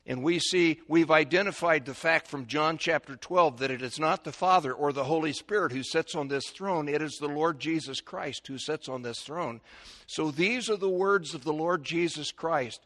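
A middle-aged man preaching a sermon as pastor, animated, acting out the voices in his stories. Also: fairly high pitch, moderate pace.

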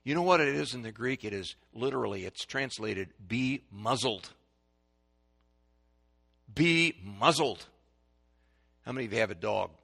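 A man preaching a sermon to a congregation, swinging between loud proclaiming and hushed, dramatic quiet. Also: fairly low pitch, fast, vocal fry, few pauses.

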